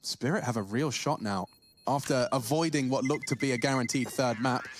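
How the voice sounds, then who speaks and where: A man's voice: medium pitch, moderate pace. A man casting a live esports match with play-by-play commentary and jokey banter. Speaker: esports caster.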